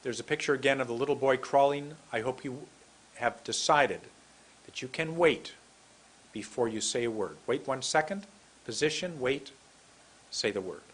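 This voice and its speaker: A man teaching English pronunciation in a recorded lesson, speaking slowly and deliberately and drilling single words aloud for the learner to repeat. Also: medium pitch, breathy edge, poor audio.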